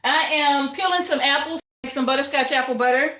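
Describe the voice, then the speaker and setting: On a livestream from her home, an older woman hosts a homestead channel, chatting casually, warmly greeting viewers, and laughing often. Her voice is high and bright, and she talks at a slow, relaxed pace. The kitchen she's in gives off a noticeable echo.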